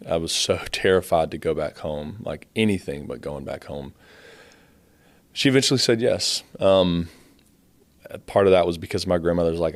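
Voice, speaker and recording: A young man telling his life story in a quiet, halting way. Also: low-pitched, dry recording. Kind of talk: personal testimony, told plainly.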